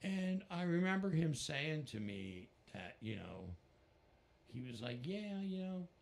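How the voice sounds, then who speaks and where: An American man, a rock musician, telling stories in a casual interview, animated and breaking into laughter and voices. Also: unhurried, creaky. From United States. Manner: animated, jumps into high-pitched voices and laughs. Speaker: musician guest.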